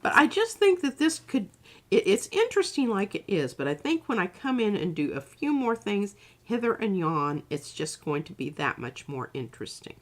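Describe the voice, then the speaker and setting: This woman has a medium-pitched voice with big swings in pitch. She's an artist chatting casually through a livestream craft demo, halting and thinking aloud while she works, frequently leaving sentences unfinished.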